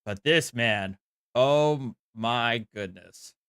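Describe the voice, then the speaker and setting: A host giving relaxed, amused commentary on a police video. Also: mid-range voice, drawn-out words, background noise. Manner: laid-back, amused, conversational.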